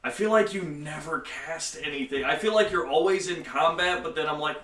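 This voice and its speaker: A man's voice: on the high side, normal speed, a bit bright, far from the mic. A man who runs the game, chatting casually and bluntly with his players and swearing freely. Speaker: game master. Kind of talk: casual group chat. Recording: echoey room, off-mic, faint noise.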